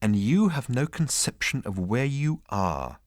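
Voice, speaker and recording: A man's voice: medium pitch, sing-song, measured pace, no echo, clean studio sound, pitched above the performer's own voice. A man voicing an exasperated, worldly traveller who talks emphatically and sardonically to a crowd of fools. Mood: patient sardonic.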